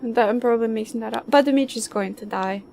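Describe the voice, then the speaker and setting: A woman streaming a game, giving emotional, excitable let's play commentary. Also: fairly high pitch, fast, vocal fry, a little hiss or hum. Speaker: streamer and host.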